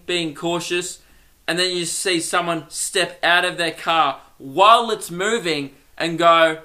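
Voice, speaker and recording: A man's voice: on the high side, bright, forceful tone. A young man hosting a solo comedy podcast, rambling and self-mocking and laughing at his own jokes.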